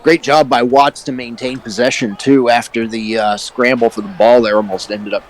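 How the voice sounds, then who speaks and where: A man giving relaxed color commentary on a basketball game, with frequent filler words. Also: medium pitch, moderate pace, slight background noise, poor audio.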